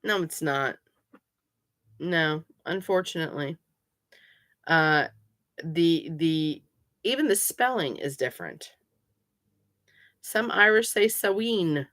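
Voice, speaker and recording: A woman's voice: fairly low pitch, animated, slow pace, long pauses, fairly bright tone, dry recording, clean studio sound. A woman explains things in a casual, chatty way, with plenty of fillers. She grows emphatic and insistent when she corrects people. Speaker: pagan vlogger.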